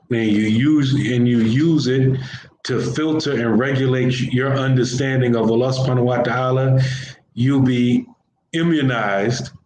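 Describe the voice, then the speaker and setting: This Islamic teacher gives an informal religious lesson in everyday slang, often repeating his phrases. His mid-range voice is a little mellow, and the room adds echo along with a faint background hiss.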